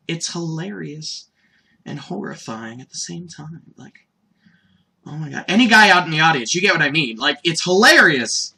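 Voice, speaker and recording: Chatty, bright-voiced male anime reviewer. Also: on the high side, animated, normal speed, creaky, slight background noise. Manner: rambling, chatty, laughs often. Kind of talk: casual episode recap.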